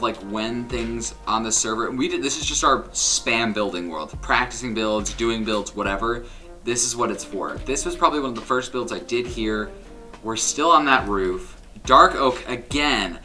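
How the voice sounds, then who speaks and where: A man's voice: medium pitch, bright, forceful tone. A young man casually commenting on his old game builds in a rambling, self-critical way, full of ums and likes. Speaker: Minecraft builder and YouTuber.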